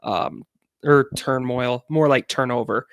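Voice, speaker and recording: A young man co-hosting a casual sports podcast, talking haltingly with many fillers. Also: mid-range voice, dry recording, studio quality. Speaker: podcast co-host.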